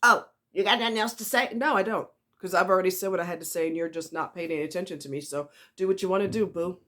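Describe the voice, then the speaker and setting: A woman's voice: on the low side, fast talker. A woman talking casually to the camera, giving blunt relationship advice in a sassy way and acting out what other people say. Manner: blunt, sassy, acts out quoted voices. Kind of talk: casual monologue.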